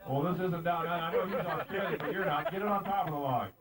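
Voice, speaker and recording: Over a noisy crowd, a man with a slightly high voice speaks at a quick pace, hosting a live lumberjack show in an outdoor mountain arena. He calls race commands while joking with and teasing the contestants, recorded as distant outdoor home video.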